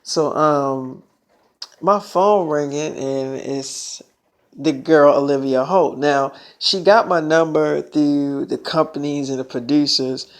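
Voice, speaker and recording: A man's voice: on the high side, slow. A man telling a made-up story in a casual, slangy, rambling way, full of fillers.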